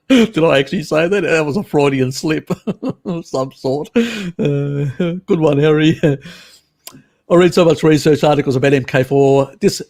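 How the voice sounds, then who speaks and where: A man hosts a casual live stream, bantering with the chat. He teases, jokes and breaks into laughter often. His voice sits a little high for a man. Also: a little mellow. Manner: laughs often, teasing and cheeky.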